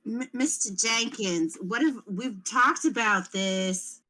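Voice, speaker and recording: A woman's voice: medium pitch, takes it slowly, pushed and bright. A woman playing in a tabletop game, playful and giggly, thinking aloud as she talks. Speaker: player. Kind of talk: tabletop role-play chat.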